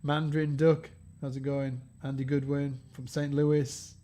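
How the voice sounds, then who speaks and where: A man hosting a live-stream bass lesson, chatty and upbeat, greeting viewers by name. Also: little pitch movement, a little slow, dark tone. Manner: chatty and upbeat, reads out viewer names, frequent fillers and restarts.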